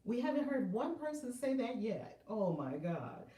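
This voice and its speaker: A woman hosting a tarot video, chatting casually to her viewers and often breaking into loud laughter. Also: a little high, normal speed, reverberant, recorded from a distance. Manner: animated, laughing loudly, exclaiming often. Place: room at home.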